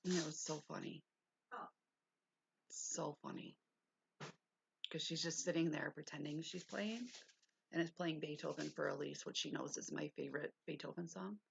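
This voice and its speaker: Here an older female livestream host casually chats with live viewers, wandering off topic as she replies to them. She speaks at a normal speed in a deep, creaky voice, often pausing. Faint hiss runs under the dull, lo-fi stream audio.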